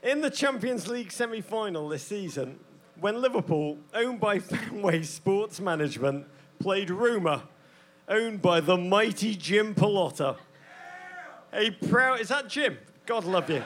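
A man's voice: high-pitched, lively intonation, measured pace, a bit bright. An English man in his forties co-hosting a podcast on stage in front of a live audience, theatrical and self-mocking. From England. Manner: theatrical, mock-grandiose, self-deprecating. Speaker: podcast co-host.

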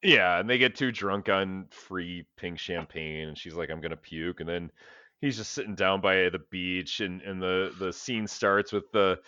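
A man's voice: sits low, unhurried, pushed and bright, dry recording, dull audio. A man co-hosting a podcast, ranting in a profane, casual way about a film. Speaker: podcast co-host. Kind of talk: casual chat.

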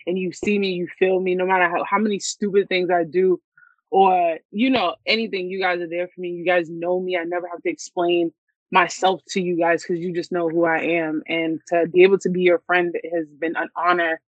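A woman's voice: lowish voice, level tone, fairly quick, no echo, dull audio. Woman, podcast co-host, tearful, gushing, dry close sound. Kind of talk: casual emotional chat.

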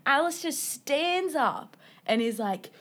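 A woman's voice: high-pitched, slow pace. A woman, co-hosting a podcast and telling stories with lots of swearing and acted-out quotes. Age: 20s. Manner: animated storyteller, swears a lot, acts out quotes. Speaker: podcast co-host. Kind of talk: casual chat.

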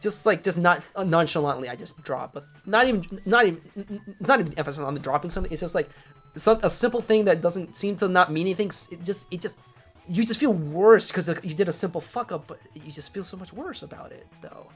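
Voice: mid-range voice, expressive, fast talker, fairly bright tone, slightly rough, faint music behind. Rambling podcast host in casual chat. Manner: rambling, many restarts, laughs often.

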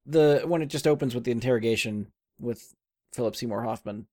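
A man's voice: mid-range voice, a little fast, a little mellow. A man hosting a casual movie podcast, laughing often and steering the questions. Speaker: podcast host. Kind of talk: casual chat.

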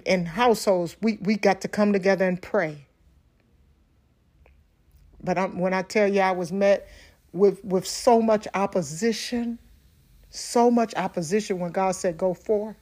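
A woman's voice: medium pitch, steady tone, moderate pace, a little mellow. A middle-aged woman minister giving a personal testimony in an earnest way. She laughs often and repeats words when she stresses a point.

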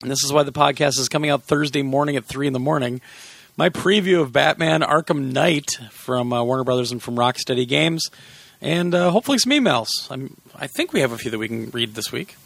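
A man's voice: mid-range voice, expressive, brisk, creaky, a bit bright, no room sound. A man hosting a casual podcast with a sore voice, chatting loosely and laughing often. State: sore voice, sucking a lozenge. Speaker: podcast host.

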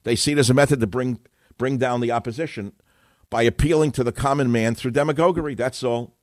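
A man's voice: mid-range voice, fast, no echo, studio quality. An older man hosting a call-in radio talk show, opinionated, emphatic and self-assured, combative in his monologues.

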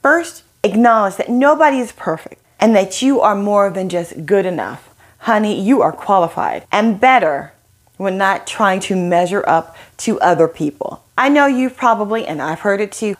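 A woman's voice: medium pitch, lively intonation, moderate pace. A woman hosting a motivational self-help podcast, talking in a chatty, encouraging way and acting out quoted voices. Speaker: podcast host.

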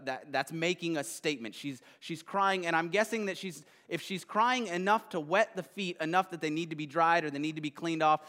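A male pastor gives a laid-back sermon in a slightly high voice, rambling and checking in with his listeners as he goes. His words trail a long echo around a hall. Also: sharp tone. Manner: conversational, rambling, frequent "right?". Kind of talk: casual sermon.

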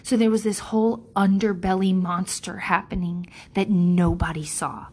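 Woman in her thirties, candid monologue, rambling, swears freely, mid-pitched voice, animated. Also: moderate pace, slightly rough. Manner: animated, jumps in pitch when quoting people.

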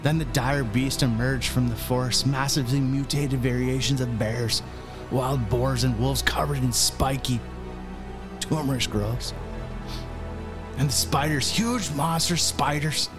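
A man voicing a gruff, battle-worn male dwarf warrior with a put-on Irish accent, telling his story in a tabletop game, music behind. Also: mid-range voice, steady tone, a little slow, close to an everyday voice. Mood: grim. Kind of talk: tabletop game character monologue.

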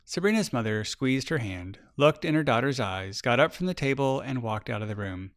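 A man, the author, narrating his children's story in an expressive, measured way. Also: mid-range voice. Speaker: author reading his book.

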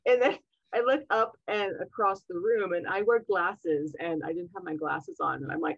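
A woman guest on a podcast, speaking over a remote call, tells a story in a casual interview and acts out the voices of its characters. Her fairly low voice keeps a moderate pace and is animated, with no room sound and the highs cut off.

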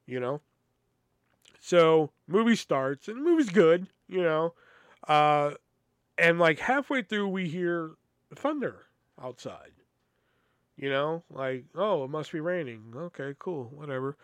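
A man's voice: fairly high pitch, expressive, measured pace, dry recording, clean studio sound. A young man hosting a podcast, telling rambling personal stories in a casual, exasperated way with plenty of swearing. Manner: rambling, profane, exasperated storytelling. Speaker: podcast host. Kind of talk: casual storytelling.

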